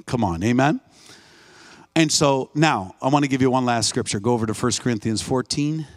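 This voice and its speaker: A guest preacher delivers a live sermon in a church sanctuary, his medium-pitched voice moving at a normal speed. He's emphatic, repeats phrases, and calls out to the congregation in call-and-response fashion.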